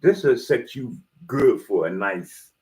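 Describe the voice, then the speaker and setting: This man's mid-range voice is expressive and darkish, and he takes it slowly. As a motivational video host, he rambles through a preachy monologue full of street slang, loose jokes, and cursing.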